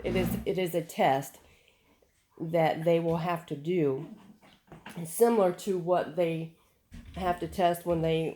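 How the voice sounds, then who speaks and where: A low-voiced woman trainer rambles in a folksy, affectionate way while chatting among her dogs at home. A faint hiss of background noise sits under her voice. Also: mellow. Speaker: dog trainer and breeder. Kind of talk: casual home vlog.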